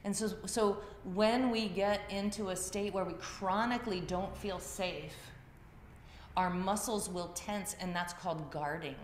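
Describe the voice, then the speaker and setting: A woman's voice: mid-range voice, steady tone, measured pace, a little hiss or hum. A woman teaching a yoga class, talking to the group in a conversational storytelling way. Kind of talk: class talk. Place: class room. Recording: echoey room, faint ambience.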